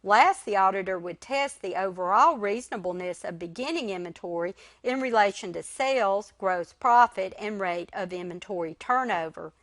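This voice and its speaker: A woman lecturer reading a recorded slide lecture in a measured way. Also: mid-range voice, fairly bright tone, no room sound.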